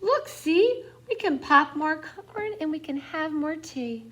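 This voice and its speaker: A woman voicing a small mouse in a storybook read-aloud, coaxing and high. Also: expressive, slow pace. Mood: soothing. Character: small squeaky mouse, fussing and soothing.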